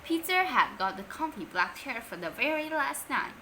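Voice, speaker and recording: Expressive woman reading a children's story. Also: high-pitched, slight background noise, rough recording. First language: Vietnamese. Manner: expressive, unhurried.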